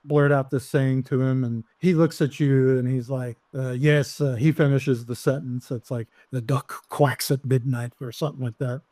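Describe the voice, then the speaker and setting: Halting man running a tabletop game. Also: mid-range voice, steady tone, mellow, no room sound. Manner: hesitant, many fillers and restarts. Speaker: game master.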